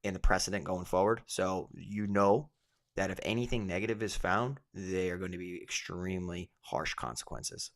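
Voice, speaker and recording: A man, a fighter and co-host, chatting casually about fight betting in a relaxed way, thinking aloud with many asides. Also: low voice, moderate pace. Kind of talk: casual sports betting chat.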